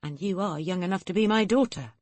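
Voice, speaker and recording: A woman voicing a polite, amused married man in an audiobook, his lines read close to her own low voice. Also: brisk, darkish tone, no echo, natural voice. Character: affable married man, gently brushing someone off.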